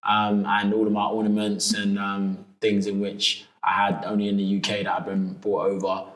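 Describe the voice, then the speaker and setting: Low-voiced London man, relaxed interview talk. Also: normal speed. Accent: London English. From London, England. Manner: relaxed, many fillers and restarts. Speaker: actor, interview guest. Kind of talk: casual interview chat. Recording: echoey room.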